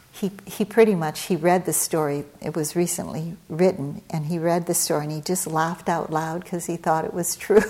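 A woman's voice: fairly low pitch, darkish tone. A middle-aged woman, a meditation teacher, telling a personal story in a conversational dharma talk, with frequent fillers and a livelier lilt when she acts out scenes.

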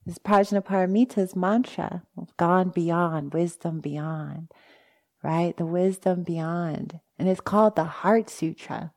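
A woman meditation teacher giving a dharma talk, telling a personal story with lively asides to the listeners and acting out her own past thoughts. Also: lowish voice.

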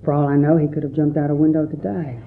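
Gravelly-voiced monk giving a tinny dharma talk. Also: male voice, fairly high pitch, flat delivery, quick pace. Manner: storytelling with quoted voices, gentle and reflective. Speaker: Buddhist monk teacher. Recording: tinny phone-like recording.

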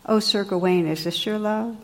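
Woman reading as a slow, sweet enchanted lady. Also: mid-range voice, fairly even intonation, in a large hall, natural voice. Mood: earnest. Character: enchanted lady, gentle, wise and patient.

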